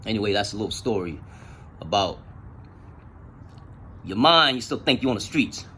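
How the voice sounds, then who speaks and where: A man telling stories in casual, profane street slang, with an animated retelling style. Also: lowish voice, normal speed, slight background noise. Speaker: storyteller. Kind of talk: casual storytelling.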